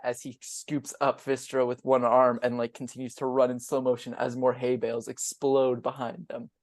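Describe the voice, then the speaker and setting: A man's voice: medium pitch, no echo. A man playing a tabletop game, dramatically narrating his character's heroic actions with laughs and restarts. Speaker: player.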